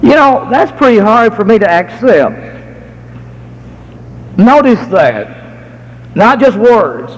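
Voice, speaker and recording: A middle-aged American man preaching a sermon, telling folksy stories and slowing down to stress key words. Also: sits high, very animated, in a large hall, poor audio. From United States.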